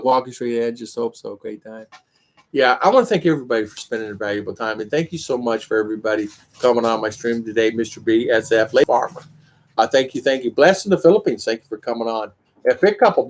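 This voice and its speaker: An older man, hosting a casual livestream chat and thanking viewers by name. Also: fairly high pitch. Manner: chatty, rambling, lots of thank-yous and fillers. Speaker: livestream host.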